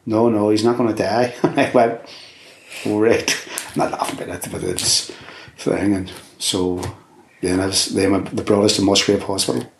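Older Belfast man, interviewee, low gravelly voice, echoey room, telling a rambling story. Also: flat delivery, normal speed, a little hiss or hum. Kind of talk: oral history interview. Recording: roomy echo.

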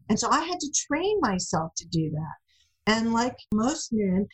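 Husky-voiced woman telling stories. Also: mid-range voice, poor audio. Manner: animated storyteller, acts out quotes. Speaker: guest. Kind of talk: casual interview chat.

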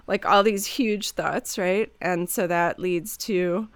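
Animated woman telling stories. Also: on the low side, slow, dry recording. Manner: animated storyteller, acts out quotes. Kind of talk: casual chat.

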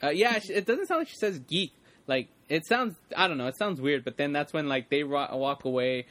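A man's voice: on the high side, expressive, a little fast, fairly bright tone, dry recording. A man in casual chat, rambling with many fillers and restarts. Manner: rambling, many fillers and restarts, quotes lines in put-on voices. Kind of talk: casual chat about a movie.

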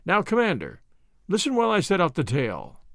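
A man voicing a blunt, scolding old Boer woman who talks in a shrill, loud way. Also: huge pitch swings, a little fast, vocal fry, no echo, clean studio sound, full character voice. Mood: insistent.

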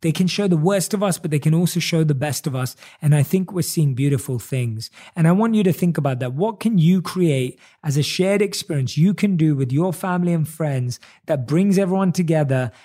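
A man with a slightly higher, mellow voice delivers an earnest motivational talk. He piles up rhetorical questions and stretches out the words he wants to land. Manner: earnest, repetitive rhetorical questions, speeds up and slows for emphasis. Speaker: motivational speaker.

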